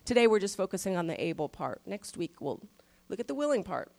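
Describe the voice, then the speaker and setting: A middle-aged woman pastor giving a sermon in a conversational style, stressing key phrases slowly. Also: mid-range voice, big pitch swings, vocal fry, darkish tone.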